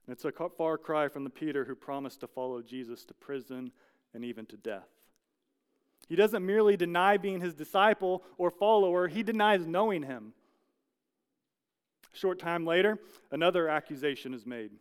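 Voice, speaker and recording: A man preaching a sermon, telling a story with earnest, measured delivery and dramatic pauses. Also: on the high side, clear, resonant tone. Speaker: pastor.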